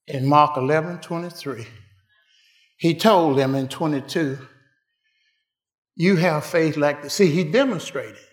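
A man preaching a sermon, building to shouted climaxes and then dropping to hushed, quiet lines. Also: on the high side, a little slow, pauses often, reverberant.

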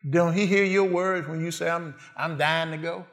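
A man's voice: on the high side, steady tone, normal speed, fairly bright tone. A man preaching a sermon in a call-and-response way, asking the congregation questions and answering them.

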